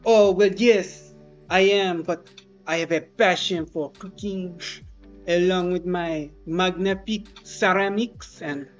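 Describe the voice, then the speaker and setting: In an improvised comedy bit, a woman with a lowish, slow-paced voice plays a pompous French artist and cook, using a put-on French accent. She comes across grandiose, self-important and dry, over dull lo-fi stream audio with faint music.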